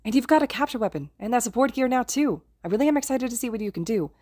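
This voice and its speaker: A woman voicing a nervous, eager teenage boy hero who stammers and gushes in a quick, excitable voice. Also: medium pitch, dry recording, clean studio sound, close to an everyday voice. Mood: excited.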